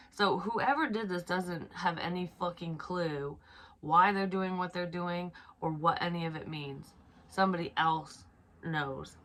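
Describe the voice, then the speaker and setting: A woman giving an unscripted psychic reading, soft and hesitant, thinking aloud with many restarts and casual swearing. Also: lowish voice, steady tone, a little slow. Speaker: psychic medium.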